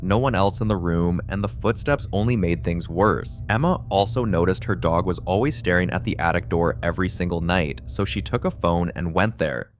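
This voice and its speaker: A man giving calm, measured scripted narration for a paranormal video compilation. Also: deep voice, slight background noise.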